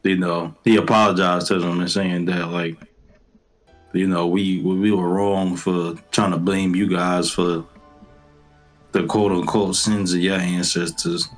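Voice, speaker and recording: A man's voice: deep voice, level tone, unhurried, faint music behind. A young man co-hosting a podcast, recapping an anime episode in loose, profane slang with lots of restarts. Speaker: podcast co-host. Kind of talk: casual anime recap chat.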